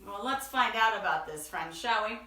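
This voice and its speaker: A teacher reading a picture book aloud, expressive and asking her listeners questions. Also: mid-range voice, normal speed, roomy sound, recorded from a distance, a little hiss or hum. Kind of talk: storybook read-aloud.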